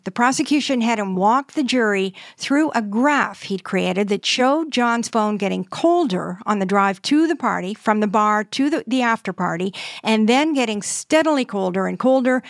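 A woman co-hosting a news podcast, explaining and recapping events in a steady, explanatory way. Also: a little high, no room sound, studio quality. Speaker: co-host.

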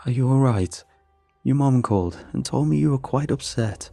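A man's voice: mid-range voice, normal speed, gravelly, mellow, no echo, faint music behind, pitched above the performer's own voice. A man voicing a cautious middle-aged father who speaks in a soothing, placating way.

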